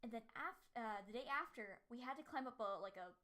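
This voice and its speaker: A young woman on a casual podcast, telling stories in an animated way, full of "like" fillers and squeaky quoted voices. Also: a little fast. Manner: animated storytelling with many "like" fillers, high-pitched quoted voices. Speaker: podcast co-host. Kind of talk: casual chat.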